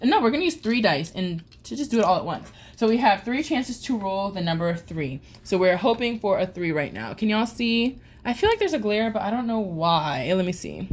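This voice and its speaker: Her voice sits at a medium pitch and has a sing-song quality, moving at a moderate pace with hardly any pauses. She's the host of a laid-back budgeting channel, playing dice-roll savings games and reacting with teasing groans and cheers.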